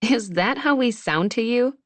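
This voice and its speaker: A woman voicing a wry young woman doctor with a deadpan sense of humor, in audiobook dialogue. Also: fairly high pitch, unhurried, no echo, voice pushed up.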